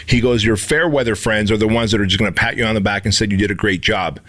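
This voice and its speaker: A man's voice: fairly low pitch, fast, pushed and bright. A middle-aged man co-hosting a podcast, speaking steadily in a coaching tone and addressing listeners directly. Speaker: podcast co-host. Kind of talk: motivational podcast talk.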